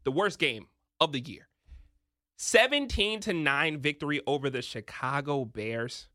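A young man with a high, bright voice talks football picks with wide swings in pitch. He is emphatic and builds to excited near-shouts. The sound is close and dry. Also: a little slow, dry recording. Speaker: sports betting analyst. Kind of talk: animated sports betting talk.

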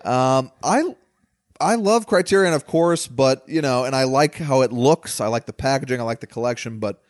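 A man co-hosting a podcast in an animated, jokey way, swearing now and then. His pitch is mid-range and the sound is dry and close to the mic. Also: moderate pace, dry recording. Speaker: podcast co-host. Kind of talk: casual chat about movies.

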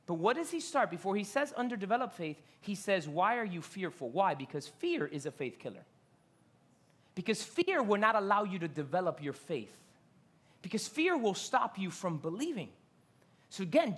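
A pastor preaching a sermon in a casual, joking way, with many fillers, acted-out quotes and sudden swings between loud highs and hushed lows. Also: big pitch swings, normal speed, slightly rough.

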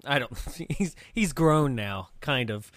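A man co-hosting a casual comedy podcast, recapping a movie with frequent laughs and quick voiced impressions of characters. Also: mid-range voice, lively intonation, a bit bright, no room sound, studio quality. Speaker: podcast co-host.

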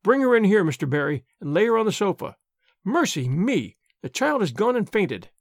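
A man's voice: high voice, big pitch swings, moderate pace, no echo, clean studio sound, heavily acted. A man reading aloud, voicing a stern, sensible older woman who speaks sharply and tersely. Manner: sharp, clipped, shrewish.

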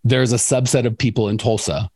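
A middle-aged man, a podcast coach, talking casually and acting out quotes by jumping up in pitch. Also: fairly quick, husky. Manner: animated storyteller, acts out quotes in a raised voice. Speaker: coach and podcast host for cleaning business owners.

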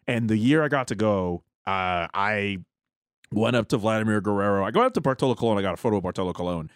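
Man, radio co-host, lowish voice, dry studio, rambling casual talk. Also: animated, fast talker, clear, resonant tone, no echo. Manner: rambling, filler-heavy storytelling. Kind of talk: casual sports radio chat.

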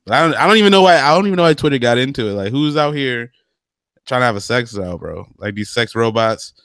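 A man's voice: mid-range voice, lively intonation, a bit bright, smooth, no echo. A young man co-hosting a casual chat podcast, slangy and profane, often drawing out his words. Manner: slangy, profane, drawn-out delivery. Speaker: podcast co-host.

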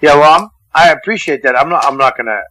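A man's voice: on the high side, fast, slight background noise, poor audio. A man, a comedian guest, telling profane stories in a casual radio chat. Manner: profane, animated storyteller. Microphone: phone call-in.

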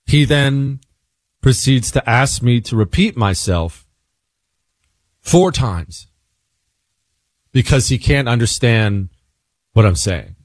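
Slightly under-the-weather radio host, dry sound. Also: male voice, mid-range voice, animated, slow pace, pauses often, no echo. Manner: conversational storytelling, self-deprecating. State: a little sick, quieter than usual. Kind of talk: talk radio monologue.

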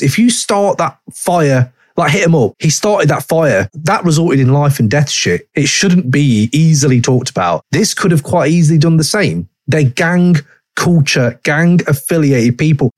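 A man hosting a hip hop podcast, talking in an animated, emphatic way and swearing freely. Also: a little high, dry recording, studio quality. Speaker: podcast host. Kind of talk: casual podcast talk.

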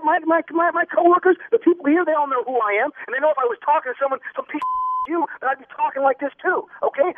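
Man, flustered, stammering, very high voice, tinny phone sound. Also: dry recording. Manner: flustered, stammering, repeats himself. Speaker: hardware store worker, prank victim. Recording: phone line.

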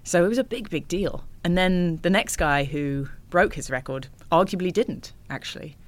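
A woman with a lowish voice and normal pace shares stories as an ocean-rowing guest on a casual interview. She's lively and frequently breaks into laughter.

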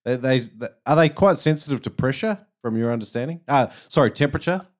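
A man's voice: medium pitch, brisk. Man hosting a chat. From Queensland, Australia. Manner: relaxed, asks questions with fillers. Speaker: podcast host. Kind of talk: casual interview.

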